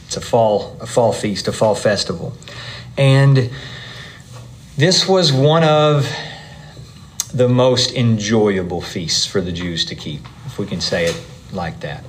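A man's voice: fairly low pitch, animated, slow pace, pauses often. A man preaching to a congregation, explaining scripture in a conversational way with frequent asides. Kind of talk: Bible teaching to a congregation.

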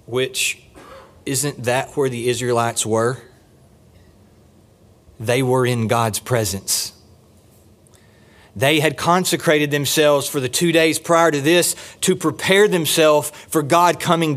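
A man preaching a sermon from the pulpit of a church, rising on key points and dropping low and slow for stress. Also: fairly bright tone. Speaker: pastor. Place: church sanctuary.

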